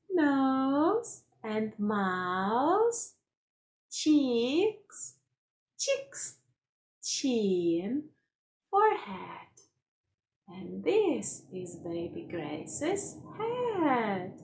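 Female toddler teacher, high sing-song and very lively pitch, slow repetition. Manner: slow, exaggerated sing-song, repeating words. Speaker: children's teacher. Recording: roomy echo.

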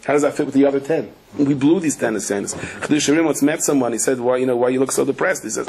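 A man, a rabbi, teaching a Torah lecture as a lively storyteller who keeps asking rhetorical questions and tossing in wry asides. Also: mid-range voice, fast, creaky, few pauses, a little hiss or hum, low-quality recording. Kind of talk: Torah lecture to a live audience.

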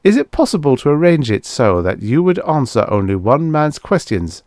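A man's voice: on the high side, very animated, moderate pace, darkish tone, no echo, studio quality, pitched above the performer's own voice. A man voicing a greedy, stubborn spaceman who talks eagerly in a raised voice. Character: greedy, power-hungry male spaceman.

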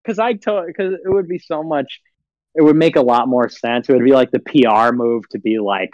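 Guy on a stream riffing, laughing a lot, dry close sound, middle pitched. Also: normal speed, a little mellow, dry recording, muffled recording. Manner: mocking, laughs often, rambling with fillers. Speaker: livestream guest. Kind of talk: casual chat on a livestream.

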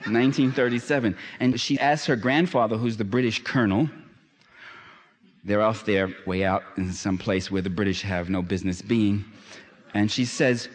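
A man's voice: lowish voice, steady tone, moderate pace, big-room sound. A man giving a public lecture in an emphatic, sarcastic manner that rises to impassioned.

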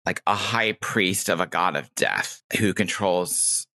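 A woman's voice: a bass voice, takes it slowly, pushed and bright. A woman guest speaking in a podcast interview, candid and reflective, with a nasal, self-made Californian-Midwestern accent. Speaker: guest, game designer.

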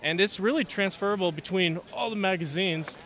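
A man casually showing off his handmade models at a convention, talking as he demonstrates with a relaxed manner and many fillers. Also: high voice, a little fast. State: out of breath. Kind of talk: casual show-and-tell. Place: convention hall, indoors.

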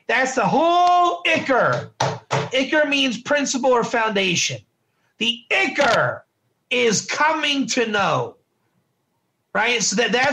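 High, gravelly-voiced male Bible teacher. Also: sharp tone. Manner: chatty, repeats words and restarts, asks the class questions. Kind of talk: informal class lecture.

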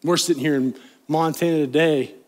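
A young man preaching to a live congregation in a church sanctuary, his voice sitting a little high for a man. He talks in an earnest, conversational way, leaning into pleading emphasis as he urges his listeners on. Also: fairly even intonation, fairly quick. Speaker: youth pastor. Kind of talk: sermon.

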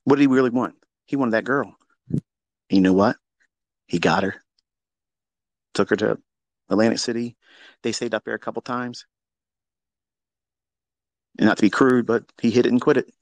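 A man telling a story in a casual monologue, profane and mocking, with sudden loud outbursts. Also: mid-range voice, fairly even intonation, normal speed, pauses often, no echo. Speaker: trading educator on a live audio space.

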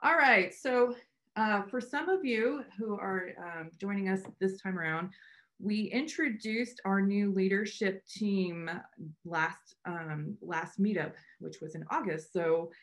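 A woman's voice: mid-range voice, takes it slowly, a bit bright. A woman co-founder hosting a meetup on a video call, chatting in a loose, rambling way with many restarts. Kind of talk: casual welcome remarks on a video call.

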